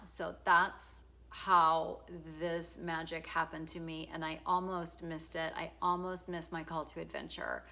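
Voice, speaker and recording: A middle-aged woman reads her own book introduction aloud, frank and emotional, stepping out of the text for casual asides and swearing. Her voice sits a little low in pitch but sounds sharp and bright. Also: flat delivery, unhurried, creaky, hardly any pauses. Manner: frank and emotional, swears freely, laughs often. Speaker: author.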